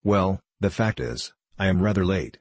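A man's voice: low voice, moderate pace, no echo. A man reading as a scheming old professor. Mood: feigned calm. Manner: excited, hiding his delight. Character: eager scheming elderly male professor.

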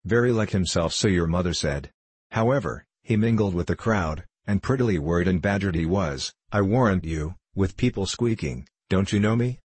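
A jovial older locksmith with a deep, husky voice, read by a man. He teases and spins a story in good humour. The voice sounds dry and close. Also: animated, normal speed, a little mellow, dry recording. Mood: amused. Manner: hearty, teasing storyteller.

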